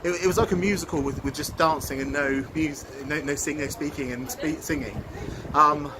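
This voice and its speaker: A man's voice: fairly high pitch, steady tone, moderate pace, a crowd in the background. Chatty man reviewing a show. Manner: chatty, rambling with restarts. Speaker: theatre reviewer vlogger. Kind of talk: casual vlog review. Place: outdoors walking uphill, then in a car.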